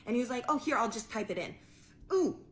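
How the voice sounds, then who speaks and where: A woman telling a personal story to camera in an animated, profane way, laughing along as she goes. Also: on the high side, quick pace, slight background noise. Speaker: guest storyteller.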